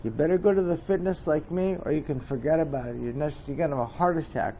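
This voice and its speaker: A man's voice: on the high side, quick pace, dark tone, a little hiss or hum. A middle-aged man hosts a joking mock interview, rambling and teasing with chuckling asides. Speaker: host.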